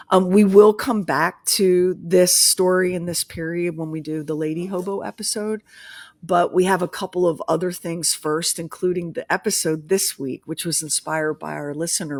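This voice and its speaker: A woman co-hosting a podcast livestream, talking in a chatty, animated way and laughing often. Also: fairly low pitch, creaky, no room sound. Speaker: podcast co-host. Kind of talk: casual livestream chat.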